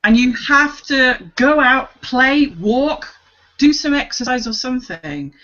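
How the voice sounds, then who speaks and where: A woman in a casual group video chat, animated and laughing often as she acts out her own thoughts. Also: high-pitched, slow pace. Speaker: co-host. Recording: dull lo-fi video call audio.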